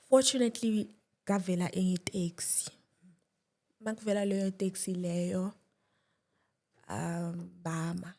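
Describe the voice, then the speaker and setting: A young woman, a guest, telling a personal story with emotion, dropping to a hush at times and restarting her words. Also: fairly low pitch, fairly even intonation, unhurried, long pauses. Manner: shifts between loud and hushed, restarts.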